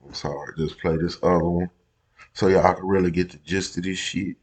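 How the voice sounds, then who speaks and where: A man's voice: low-pitched, fairly even intonation, fairly quick. A man reacting to a video in loose, slangy casual talk, stopping it to explain his point emphatically. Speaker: reaction streamer.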